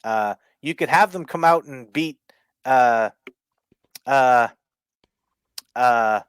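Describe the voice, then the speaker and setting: A man's voice: mid-range voice, slow pace, clean tone, no echo. Male co-host, casual wrestling recap, sarcastic, swears freely, dry close-mic sound. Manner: swearing, mocking impressions of wrestlers. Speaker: podcast co-host.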